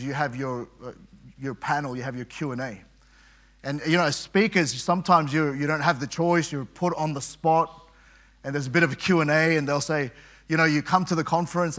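Male preacher with a bright, slightly high voice, stumbling over repeated words as he explains scripture. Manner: conversational preaching with frequent repetitions and quoted scripture. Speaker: pastor. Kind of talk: sermon.

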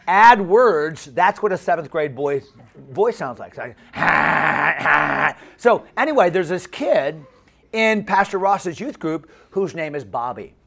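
A man's voice: high voice, a little slow. A man from the United States, a pastor preaching a funny story sermon and repeating phrases for effect. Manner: animated, comic, repeats phrases.

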